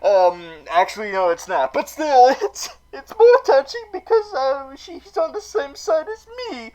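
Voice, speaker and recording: A melodramatic super villain vlogger, played by a man, hosting a comedic recap show. He stammers and repeats words in a high voice, swinging between gushing and grumbling. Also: animated, unhurried, a little mellow, low-quality recording. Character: theatrical male super villain vlogger, dramatic. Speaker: vlog host. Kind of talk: comedic in-character recap vlog.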